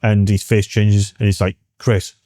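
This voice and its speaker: A British man in his forties, a military veteran telling a story in an interview, halting and restarting as he acts out what others said. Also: fairly low pitch, fairly even intonation, mellow, dry recording, studio quality.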